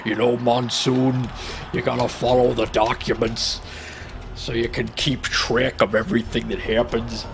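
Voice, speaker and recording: A man doing an impression of a gruff male wrestling color commentator in a lowered voice. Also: flat delivery, measured pace, noisy background. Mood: mock-serious.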